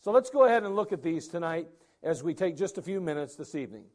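A man preaching a sermon as pastor, animated and acting out the people's words. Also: fairly high pitch, fast talker.

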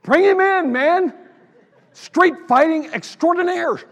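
A man's voice: very high-pitched, takes it slowly, a bit bright. A man preaching a sermon as pastor, telling the story with animation and acting out the quoted lines. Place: church sanctuary. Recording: echoey church hall with long reverb.

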